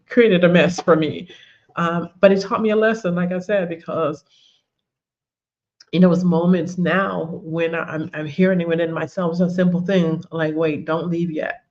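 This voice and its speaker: A woman's voice: lowish voice, a little mellow, highs cut off. A woman giving a conversational faith teaching, telling personal stories, repeating words and often saying "you know". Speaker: women's ministry teacher.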